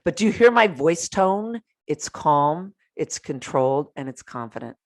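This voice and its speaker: A woman's voice: on the low side, moderate pace, hardly any pauses. A woman hosting a self-help podcast who gives blunt, candid advice straight to her listeners and swears freely. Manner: blunt, candid, profane, addresses listeners directly. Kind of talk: motivational self-help talk.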